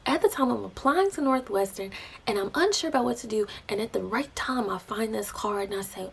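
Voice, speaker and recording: A young woman tells her testimony in an emotional vlog. She shifts between animated storytelling and breathy, hushed asides. Her voice sits mid-range with a gravelly edge, and faint hiss runs under the recording. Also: mid-range voice, moderate pace. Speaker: vlogger sharing a faith testimony.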